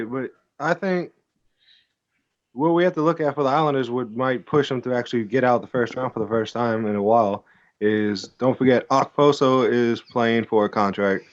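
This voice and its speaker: Male podcast co-host, measured and analytical, muffled lo-fi call audio. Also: medium pitch. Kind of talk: casual hockey chat.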